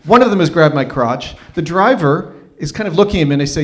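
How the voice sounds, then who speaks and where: A man from Toronto, telling a story live at an open mic in a wry, animated, self-mocking way. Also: high voice, fast. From Toronto, Canada.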